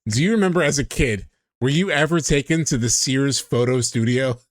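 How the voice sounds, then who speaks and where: A man hosting a stream, chatting excitedly and casually, swearing freely. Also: mid-range voice, normal speed, no echo, clean studio sound. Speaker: streamer host. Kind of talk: casual chat.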